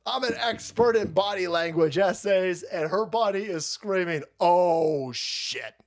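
A man's voice: high-pitched, normal speed. A man hosting a live stream, reacting to news clips with mocking, profane commentary and frequent laughter. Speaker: stream host.

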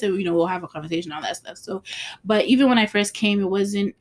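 A woman's voice: mid-range voice, fast. Chatty woman podcast co-host. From abroad, moved to the US. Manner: laughs often, quotes family in voices. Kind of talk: casual chat.

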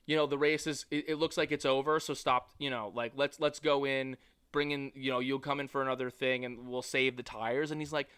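A man's voice: medium pitch, level tone, fairly quick, fairly bright tone, clear, resonant tone, no echo, studio quality. A man co-hosting a podcast, chatting casually and profanely about racing, acting out quotes in voices. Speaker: podcast co-host. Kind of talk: casual sports chat.

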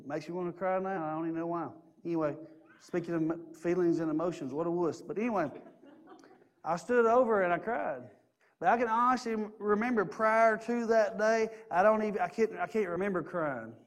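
A man in middle age delivers a sermon in a notably high voice. He speaks earnestly and personally, weaving in his own stories and repeating phrases for weight. His pitch rises and falls as he moves between quiet reflection and emphatic points. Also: brisk. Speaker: preacher.

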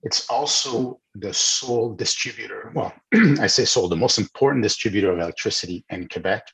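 A man's voice: fairly low pitch, brisk, vocal fry, a bit bright, husky, low-quality recording. A man answering interview questions over a video call, explaining at length and restarting and repeating words as he goes. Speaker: guest, utility executive.

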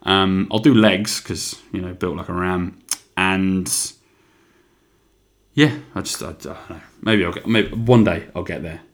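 A man's voice: low-pitched, steady tone, measured pace. A young man hosting his own podcast, rambling in casual chat, swearing freely and poking fun at himself. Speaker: podcast host.

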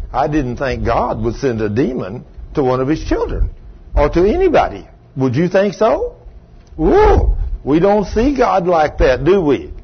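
A man's voice: fairly high pitch, slightly rough. A middle-aged man preaching a sermon as a story, folksy in tone and rising to emphatic outbursts. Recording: dull lo-fi recording.

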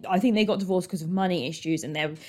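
A woman's voice: fairly low pitch, quick pace, a little mellow. A British woman hosting a solo podcast, chatting casually in a rambling way, full of ums and likes, into a desk microphone. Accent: British English. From Britain. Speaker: podcast host.

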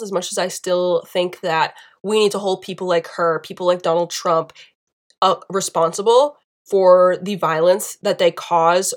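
An American woman ranting through a political opinion monologue for her channel. She talks with strong, emphatic conviction, stacking up lists and repeated phrases to hammer her points home. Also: lowish voice. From United States. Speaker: political commentator.

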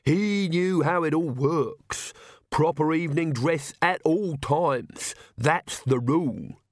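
A man voicing a haughty, grumbling male castle servant who speaks slowly. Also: on the high side, dry recording, clean studio sound, pitched above the performer's own voice.

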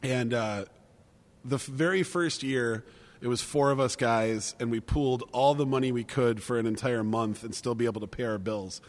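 A rambling man co-hosts a casual tasting chat, swearing freely and laughing often. His voice sits at a middle pitch and trails into a long reverb tail. He talks loosely, with many restarts. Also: normal speed. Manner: rambling, profane, laughs easily. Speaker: podcast co-host.

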